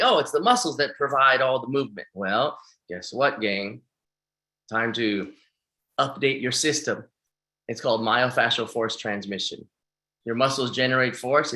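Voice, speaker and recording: A man teaching in a webinar as a fitness instructor, talking with energy and often checking in with his listeners. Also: mid-range voice. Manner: energetic, keeps checking in with "right?" and "okay?". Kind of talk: webinar lecture. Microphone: webinar microphone.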